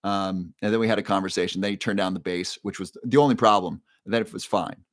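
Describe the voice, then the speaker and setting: A man's voice: low voice, fairly even intonation, fast, no room sound, clean studio sound. A man hosting a casual livestream, telling a story in a chatty way and repeating key phrases. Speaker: livestream host.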